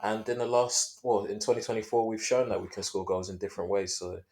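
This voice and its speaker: Man, football podcast co-host, low pitch, measured easygoing analysis. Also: little pitch movement, darkish tone.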